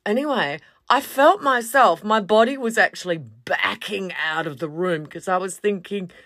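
A woman's voice: medium pitch, normal speed, no echo, studio quality. A woman hosting a podcast, telling a story in a casual way and acting out the quoted lines. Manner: animated, acts out quotes in other voices. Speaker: podcast host.

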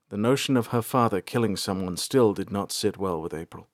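A man reading a fantasy audiobook aloud in measured storytelling. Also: on the low side, no room sound, clean studio sound. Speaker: narrator. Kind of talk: scripted audiobook narration.

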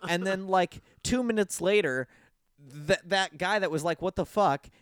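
A man hosting a podcast in casual chat, animated and swearing, jumping into high squeaky voices to mimic people. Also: measured pace, clean tone, dry recording. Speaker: podcast host.

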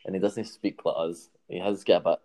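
A man's voice: low voice, steady tone, brisk, gravelly, dark tone. A Scottish man telling a long, rambling anecdote in casual chat, checking in with "right?" and laughing as he goes.

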